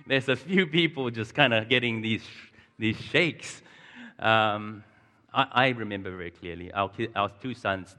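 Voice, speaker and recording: A man's voice: mid-range voice, pushed and bright. A man, preaching a chatty sermon, asking his audience questions and chuckling often. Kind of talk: conversational sermon. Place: large church hall. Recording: long hall reverb.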